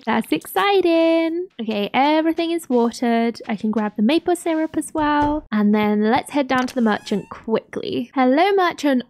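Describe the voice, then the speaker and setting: An excitable young woman talks through her game as a let's play host, with frequent gasps and exclamations. Her voice sits high. The sound is dry, with no room around it. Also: normal speed, hardly any pauses, no echo. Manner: excitable, gasping and exclaiming often. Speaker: gaming channel host.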